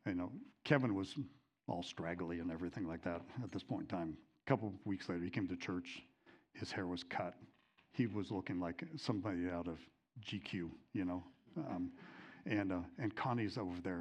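Middle-aged male Bible teacher, lowish voice, casual storytelling delivery full of ums and restarts. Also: darkish tone. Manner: conversational, many fillers and restarts; gets emotional telling a story.

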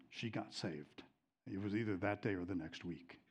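Middle-aged male Bible teacher, lowish voice, casual storytelling delivery full of ums and restarts. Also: unhurried, a little mellow, husky, lo-fi sound. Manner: conversational, many fillers and restarts; gets emotional telling a story.

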